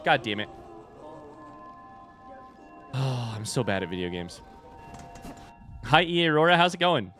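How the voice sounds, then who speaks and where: A man's voice: mid-range voice, animated, normal speed, long pauses, a bit bright, soft background music. A man streaming a video game, chatting casually with his viewers and swearing when he loses. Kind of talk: casual gameplay commentary.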